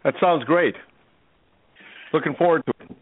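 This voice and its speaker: A man from Canada calling in to a radio show as a guest author, eager but halting, with many fillers. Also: a little high, slightly rough, no echo. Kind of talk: phone-in radio interview. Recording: tinny phone line.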